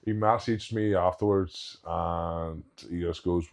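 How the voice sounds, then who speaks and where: A man's voice: low voice, fairly even intonation, slow. A man, a professional strongman guest on a podcast, telling anecdotes in casual chat and acting out what others said. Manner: anecdotal, quotes others in retold dialogue.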